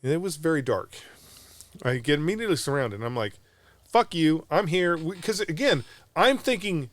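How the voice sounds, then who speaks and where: Another podcast studio story comes from the same kind of host, a middle-aged Southern California Marine veteran, blunt, profane and casual with frequent restarts. Here his voice is a little high, a bit bright, a little fast and very animated.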